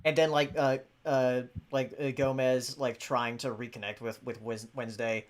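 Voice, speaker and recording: A man hosting a podcast in casual chat, talking hesitantly and filling pauses with "um" and "like". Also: mid-range voice, level tone. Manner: hesitant, many fillers. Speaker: podcast host.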